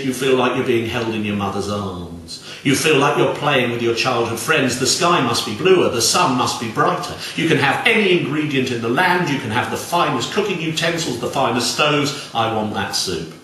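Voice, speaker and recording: A man's voice: medium pitch, lively intonation, normal speed, sharp tone, a little hiss or hum. A man voicing a spoiled, hot-tempered king who talks in a demanding, blustering way. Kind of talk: storytelling acted voice. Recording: very echoey room, distant mic.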